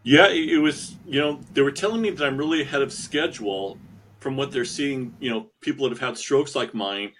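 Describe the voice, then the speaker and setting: A man's voice: medium pitch, fairly quick, fairly bright tone, slight background noise. A man guest on an online talk show, telling his story sincerely and with determination. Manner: sincere, determined, with slight restarts. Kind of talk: interview storytelling.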